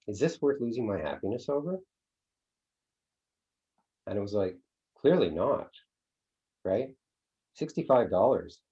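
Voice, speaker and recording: The dull, lo-fi recording captures a middle-aged course leader speaking casually, with many fillers and a habitual rhetorical "right?". His voice leans low and warm.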